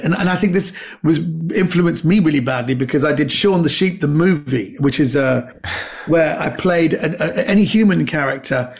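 Chatting casually as a guest, a middle-aged British comedian and actor spins anecdotes and performs the voices of their characters. His voice sits on the high side at a moderate pace, and he restarts himself often.

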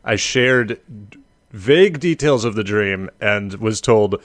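Man on a podcast, low voice, rambling story, dry close sound. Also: lively intonation, slow, no echo. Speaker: podcast co-host. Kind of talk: casual chat.

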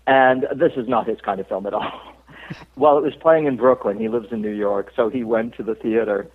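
A man's voice: mid-range voice, brisk, slightly rough. A middle-aged man from Cape Cod, an actor being interviewed, telling stories in a chatty way with frequent laughs. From Cape Cod, Massachusetts. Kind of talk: casual interview chat. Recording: tinny phone-like line.

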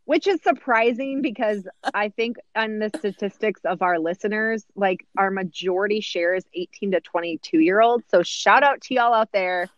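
A woman's voice: mid-range voice, moderate pace, hardly any pauses, no echo, muffled recording. A woman in her thirties co-hosting a podcast, chatting casually with lots of fillers and laughter. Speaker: podcast co-host. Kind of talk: casual chat recapping a sitcom episode.

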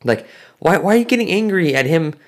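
Podcast co-host, male, lively swinging pitch, filler-heavy casual sports chat. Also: fairly quick. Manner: animated, many fillers.

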